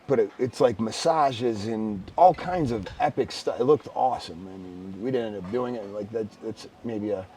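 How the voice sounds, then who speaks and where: A man co-hosting a casual podcast, telling stories with bursts of excited shouting. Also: on the low side, moderate pace, few pauses, a little hiss or hum. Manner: animated storyteller, bursts of excited shouting when retelling. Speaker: podcast co-host. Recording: slightly distant mic with faint background ambience.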